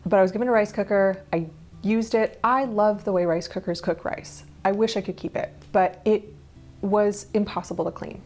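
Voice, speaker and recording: At normal speed, a woman in her thirties uses a mid-range, slightly mellow voice to discuss her minimalist habits. The vlog is casual, and she's chatty and frank, with little laughs and asides.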